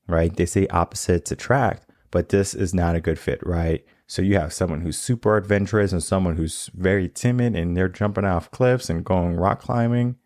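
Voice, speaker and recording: Deep-voiced man coaching casually. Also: darkish tone, dry recording, clean studio sound. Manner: conversational, often tags lines with "right?". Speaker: coach and podcast host.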